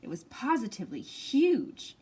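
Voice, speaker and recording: Woman librarian, slow animated storytime reader. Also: a little high, husky. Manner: expressive, animated read-aloud. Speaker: children's librarian. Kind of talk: children's storytime reading.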